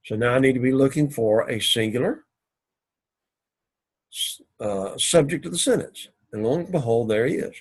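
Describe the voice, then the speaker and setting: A man teaches a Greek class in a husky, mid-range voice. He walks through each sentence slowly and patiently, often pausing with "all righty" and restarting his phrases. He clears his throat now and then as he talks. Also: medium pitch. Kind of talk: recorded classroom lecture.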